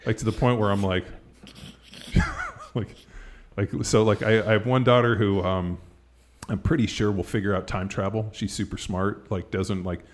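A man's voice: fairly low pitch, wildly swooping pitch, moderate pace, pauses often, a little hiss or hum. A middle-aged man hosting a podcast, chatting in a rambling way full of "like" and "you know", and laughing easily. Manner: rambling, filler-heavy, lots of "like". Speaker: podcast host. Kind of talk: casual chat.

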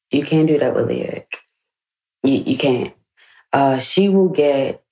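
A woman in her late thirties talks through a candid personal reflection on her podcast. Her voice sits very low and has a gravelly edge. She speaks frankly and emotionally, and she swears freely. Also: darkish tone, low-quality recording. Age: 30s. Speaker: podcast host.

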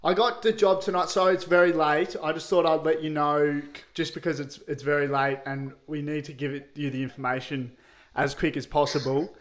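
A man putting on a nasal country accent to play a male hotel staffer in a prank phone call, halting and stalling with fillers. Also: a little high, fairly even intonation, close to an everyday voice. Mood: nervous, bluffing. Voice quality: nasal, put-on country drawl.

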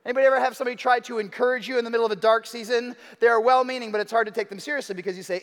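A man's voice: extremely high pitch, very fast, hardly any pauses. A man preaching a sermon, telling the story casually and acting out the quotes. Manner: conversational, animated storytelling with acted-out quotes. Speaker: pastor. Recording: long reverb of a large hall.

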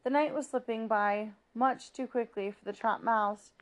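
A woman reads a children's novel aloud in a steady, plain narrating voice. Her pitch sits slightly high, and she makes small slips and restarts along the way. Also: normal speed. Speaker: reader.

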